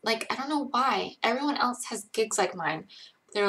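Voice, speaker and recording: A fairly high, a bit bright voice with lively intonation and a moderate pace comes from a livestream host in her twenties from Georgia, USA. Her accent is light Connecticut-tinged American, with little Southern. She chats casually, reading viewer questions and rambling with many "likes" and "ums."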